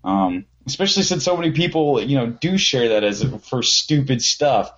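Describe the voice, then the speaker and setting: A man's voice: mid-range voice, expressive, moderate pace, fairly bright tone, lo-fi sound. A man chatting casually as a podcast co-host, rambling through a story with lots of fillers and restarts. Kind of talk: casual chat.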